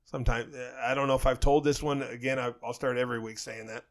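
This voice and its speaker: A man of middling pitch co-hosting a podcast, rambling through a crude joke. He chats loosely, drifts off into asides and laughs at his own punchlines. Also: steady tone, quick pace. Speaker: podcast co-host. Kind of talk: casual crude chat and joke telling.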